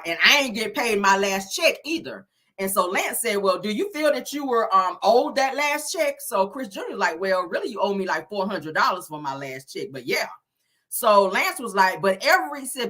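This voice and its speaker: A woman recapping a reality show episode in a sassy, animated, slang-filled way. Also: on the low side. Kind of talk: casual chat.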